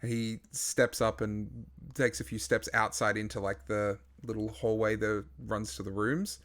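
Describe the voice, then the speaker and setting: A man narrating a tabletop role-playing game as game master, pausing often with fillers. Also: on the low side, level tone, fairly bright tone. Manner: halting, with many fillers.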